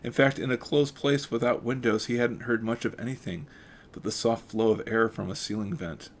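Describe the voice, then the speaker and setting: A man reading a mystery novel aloud at an even pace, with occasional stumbles and self-corrections and casual asides. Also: medium pitch, moderate pace, a little hiss or hum. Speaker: audiobook reader.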